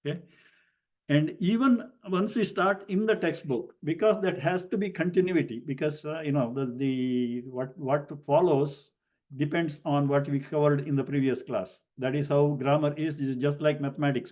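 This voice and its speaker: A man teaching a Sanskrit grammar class online, explaining slowly and deliberately with many fillers and spelling out syllables letter by letter. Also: fairly high pitch, a little mellow. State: coughing at times.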